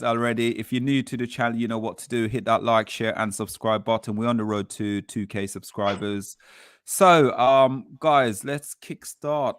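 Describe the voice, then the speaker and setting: A man hosting a casual football fan chat show, telling stories and acting out quotes with lively energy. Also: on the low side, dry recording, studio quality. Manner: animated storytelling, acts out quotes. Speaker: podcast host.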